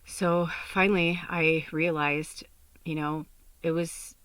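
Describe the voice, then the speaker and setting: Chicago woman podcasting, kinda low voice, dry close sound, rambly and swears a lot. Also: steady tone, slow pace, a bit bright, no echo. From Chicago, USA. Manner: rambling, confessional, lots of "like" and "you know", swears freely. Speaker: podcast host and spiritual medium. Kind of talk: candid personal storytelling podcast.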